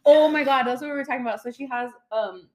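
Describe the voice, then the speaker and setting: A woman's voice: high-pitched, quick pace, darkish tone. A young woman hosting a loose, casual podcast chat with a friend. She swears freely and laughs often. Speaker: podcast host. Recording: echoey room.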